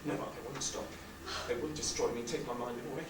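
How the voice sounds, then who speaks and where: A woman's voice: high voice, lively intonation, normal speed. Woman playing a desperate troubled husband. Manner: intense, swinging between hushed and shouting. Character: troubled questioning husband, adult man. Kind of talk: stage acting. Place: theatre stage. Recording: echoey hall from far off, noisy.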